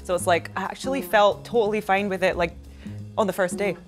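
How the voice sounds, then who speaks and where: A woman's voice: mid-range voice, fairly even intonation, a little fast, faint music behind. A woman chatting enthusiastically about improvising for the first time. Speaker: actor. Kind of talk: casual chat.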